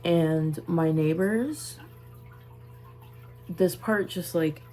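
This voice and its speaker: A woman's voice: lowish voice, extremely slow, dark tone, slight background noise. A young woman vlogger telling a personal story to camera in a casual, emphatic way, often repeating her phrases.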